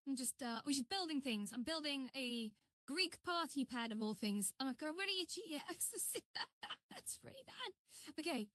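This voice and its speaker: While building on a live stream, a woman rambles casually and says hello to viewers as they arrive. Her voice is high-pitched and fairly bright, with no room sound.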